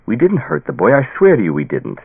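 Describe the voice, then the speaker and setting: In an audiobook, a man heavily acts the part of a tired, patient father pleading with his daughter, sometimes turning stern. His medium-pitched voice is creaky and husky, pushed up, fairly quick and full of huge pitch swings. The sound is dry and tinny, phone-like, with no echo.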